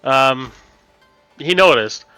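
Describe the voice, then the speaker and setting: A man narrates a tabletop game as its game master, talking quickly and casually. His voice is bright and crisp, recorded dry and close. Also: medium pitch, expressive, no echo, faint music behind, poor audio.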